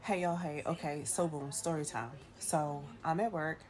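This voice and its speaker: A woman who works for an airline, telling a story in a chatty, animated, slangy way. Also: low voice, moderate pace, a crowd in the background. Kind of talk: casual storytelling.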